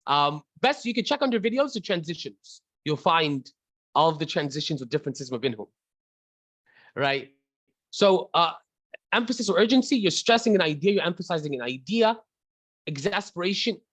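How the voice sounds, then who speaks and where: The speaker is a man with an Egyptian accent running an online class; he's chatty, names his students directly, and mixes English and Arabic mid-sentence. His voice is on the high side and fairly bright. There's no echo, but the recording is rough.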